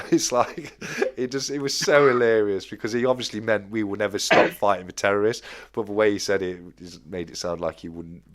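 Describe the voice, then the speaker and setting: A man hosting a casual live stream, chatting loosely and reading out and counting viewer comments. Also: low-pitched. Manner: chatty, restarts phrases, counts comments aloud. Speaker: livestream host.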